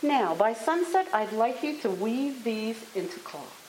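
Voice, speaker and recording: A woman voicing a shrewd old snow-spirit woman with long teeth, who speaks in a measured, knowing way. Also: a little high, expressive, darkish tone. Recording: echoey room with faint hiss.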